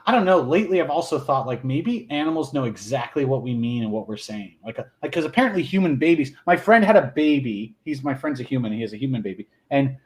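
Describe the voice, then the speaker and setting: A man's voice: mid-range voice, sing-song, quick pace, few pauses. A man chatting casually on a podcast, crude and joking, laughing often.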